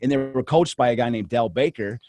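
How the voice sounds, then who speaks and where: A man's voice: mid-range voice, a little fast, darkish tone. Rambling, enthusiastic male podcast host. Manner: rambling, with many restarts and fillers; enthusiastic storyteller. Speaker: podcast co-host and history researcher. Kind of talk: casual podcast chat.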